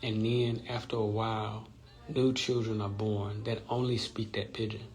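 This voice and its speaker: Low, flat, gravelly man explaining. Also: normal speed, faint music behind, rough recording. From Louisiana. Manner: explanatory, often checks in with "right?". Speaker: host. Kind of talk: informal live-stream talk. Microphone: phone or computer mic on a social-media live stream.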